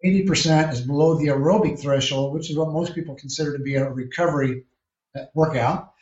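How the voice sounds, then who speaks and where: A man, a triathlon coach, answering interview questions in a measured, explanatory way with frequent restarts. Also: a little high, darkish tone. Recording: echoey distant lo-fi call.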